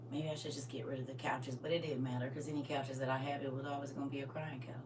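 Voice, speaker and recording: A middle-aged woman preaching through funny stories, chatting directly with the crowd and now and then bursting out loudly. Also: very deep voice, quick pace, hardly any pauses. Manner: lively and chatty, teasing the crowd directly, sudden loud outbursts. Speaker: speaker at a live church gathering. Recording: far-off mic with faint hum.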